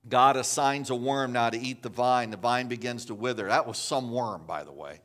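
A man's voice: medium pitch, moderate pace, fairly bright tone. A man preaching a sermon in a conversational storytelling manner, with frequent restarts and asides.

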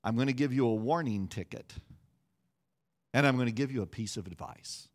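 A man voicing a big, gruff male state trooper who speaks in a low, dry, deadpan drawl. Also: normal speed, lightly acted. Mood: stern.

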